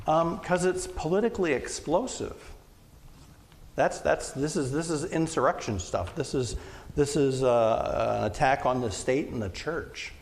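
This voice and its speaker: A male pastor giving a conversational sermon, now and then acting out loud shouted quotes. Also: medium pitch. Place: church sanctuary. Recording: long church reverb, faint room noise.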